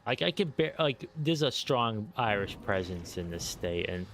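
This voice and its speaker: An American man streaming a game, talking in a relaxed, opinionated, conversational way. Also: fairly low pitch, normal speed, slight background noise. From United States. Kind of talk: casual chat while gaming.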